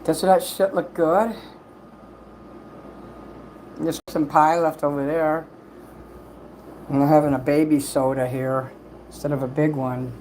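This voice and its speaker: A man's voice: a little high, steady tone, measured pace, long pauses, darkish tone, slight background noise, poor audio. Rambling man streaming from home. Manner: rambling, apologetic, swears casually. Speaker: livestream host reading chat. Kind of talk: casual livestream chat while eating.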